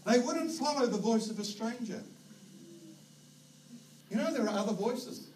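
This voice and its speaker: A pastor with a high-pitched voice and a New Zealand accent preaches from the stage of a church auditorium at a normal pace. He tells stories with lively energy and now and then shouts herding calls. A distant hall mic makes the sound roomy, with faint hiss underneath.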